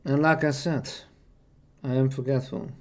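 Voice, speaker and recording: A voice-acting streamer casually introducing himself, rambling and self-deprecating, with many hesitations. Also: male voice, mid-range voice, fairly even intonation, unhurried. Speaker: voice actor streamer.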